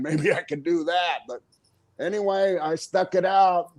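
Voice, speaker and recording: An older man who is a guest on an interview podcast, telling stories in a casual, animated way, chuckling often and acting out the quoted voices. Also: high-pitched, a little slow. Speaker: interview guest, retired pro wrestler.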